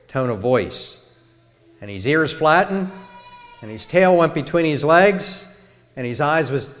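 Middle-aged man, church speaker; unhurried, measured sermon delivery; long hall reverb. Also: medium pitch. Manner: measured, demonstrates tones of voice. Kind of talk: sermon-style talk to a congregation.

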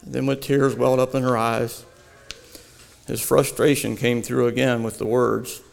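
A man reading a devotional story aloud in a slow, earnest storytelling manner. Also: medium pitch, flat delivery, vocal fry, faint music behind. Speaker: narrator. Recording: long hall reverb.

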